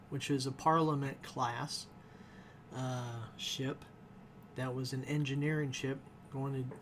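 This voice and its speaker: A man's voice: medium pitch, slight background noise. A man casually reviewing a TV episode, rambling and chuckling as he goes.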